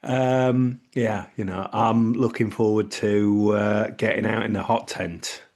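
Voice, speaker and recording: A man's voice: on the low side, flat delivery, slow, darkish tone. A man co-hosting a casual podcast, joking and teasing, with many fillers. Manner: jokey, teasing, trails off with fillers. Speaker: podcast co-host. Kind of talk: casual chat.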